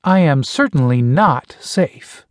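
A man's voice: expressive, slow, no room sound. A man voicing a huge wry alien dog warrior. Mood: dry. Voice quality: wheezing laugh, low and dry. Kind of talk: audiobook character voice.

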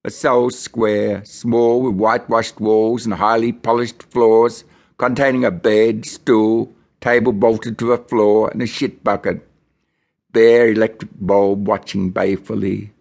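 A man from Australia reads a novel aloud in the first person, measured and grim. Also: fairly low pitch, vocal fry. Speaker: audiobook narrator.

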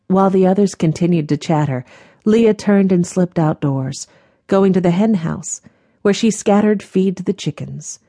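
Warm, low-voiced woman narrating. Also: normal speed, dry recording. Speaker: audiobook narrator. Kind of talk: scripted narration.

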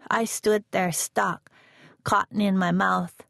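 Slow, gravelly woman narrating a novel. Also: mid-range voice, a bit bright, no room sound, clean studio sound. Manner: measured, unhurried reading. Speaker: audiobook narrator. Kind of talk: first-person novel narration.

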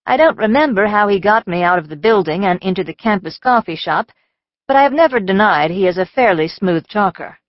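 A woman's voice: mid-range voice, animated, brisk, no room sound. Wry woman narrating an audiobook. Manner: wry, dry-humored. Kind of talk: scripted first-person narration. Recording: slightly dull dry studio audio.

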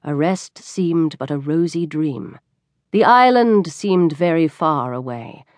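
Lively woman reading a story aloud. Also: sits low, slow pace, dry recording. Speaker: audiobook narrator. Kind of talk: scripted audiobook narration.

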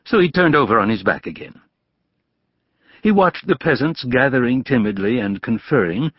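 A man narrating an audiobook in a measured, expressive storytelling manner. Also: medium pitch, breathy edge, no echo, highs cut off. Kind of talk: scripted narration.

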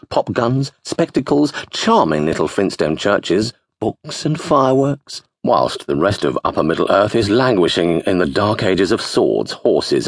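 A man narrating a comic audiobook with a studio mic, with dry, deadpan asides. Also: on the low side, no room sound. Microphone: close studio mic.

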